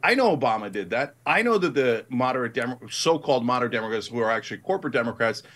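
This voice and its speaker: A man's voice: mid-range voice, lively intonation, fast talker, fairly bright tone. A middle-aged man in a heated political debate, emphatic and passionate, rising to indignant outbursts. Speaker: guest commentator.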